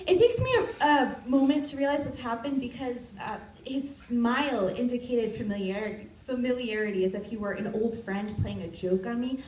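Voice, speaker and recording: A young woman in her twenties telling a personal story at a live storytelling event, animated and now and then shouting out quoted lines. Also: fairly high pitch, slight background noise. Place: stage in a live venue. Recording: roomy live recording from far off.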